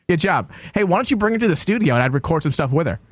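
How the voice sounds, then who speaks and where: A man's voice: a little high, lively intonation, fairly quick, breathy edge, no echo, clean studio sound. A man hosting a comedy podcast, joking crudely and laughing often while sick. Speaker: podcast host. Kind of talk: casual comedy banter.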